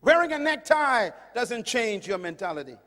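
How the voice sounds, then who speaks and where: Guy preaching, high voice, goes big then real quiet, lots of hall echo. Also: very animated, moderate pace. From Caribbean. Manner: emphatic, swings from loud declarations to hushed storytelling. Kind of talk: sermon.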